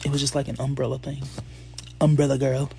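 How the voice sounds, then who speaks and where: A man's voice: mid-range voice, little pitch movement, brisk, vocal fry, dark tone, soft background music. A man hosting a casual live stream, chatting and answering comments from his viewers. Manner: chatty, reads and answers chat comments aloud. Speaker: livestream host.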